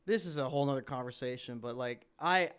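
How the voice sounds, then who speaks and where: A man's voice: mid-range voice, fast, a bit bright, clear, resonant tone. A young man, a comedian and podcast guest, speaking bluntly and dismissively in casual chat.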